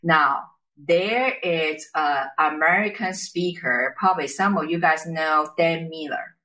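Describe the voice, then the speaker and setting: Bright-voiced woman with a Chinese accent. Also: sits low, low-quality recording. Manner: lively, tag questions and quick restarts. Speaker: podcast guest. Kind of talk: conversational storytelling interview.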